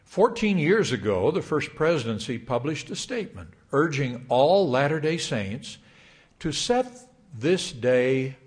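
An older man delivering a sermon to young adults, reading scripture in a measured, emphatic way. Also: medium pitch, big pitch swings. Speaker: church speaker.

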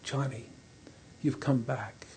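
A man voicing a tender older father who welcomes his lost son in a soft, husky voice. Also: medium pitch, fairly even intonation, slow pace, a little hiss or hum.

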